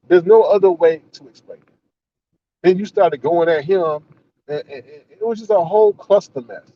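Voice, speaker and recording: A man's voice: sits high, measured pace, pauses often. A man giving an indignant, profane, repetitive rant in a commentary vlog. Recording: slightly dull, dry recording.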